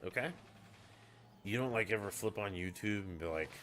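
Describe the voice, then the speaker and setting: A man's voice: lowish voice, moderate pace, fairly bright tone, a little hiss or hum. A man chatting casually on a live game stream, rambling and swearing freely after a few drinks. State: has been drinking.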